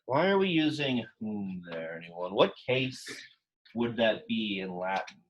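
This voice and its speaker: A man's voice: on the low side, lively intonation, measured pace, lo-fi sound. A young man teaching a Latin class, speaking casually and quizzing his students with questions. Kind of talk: classroom lecture.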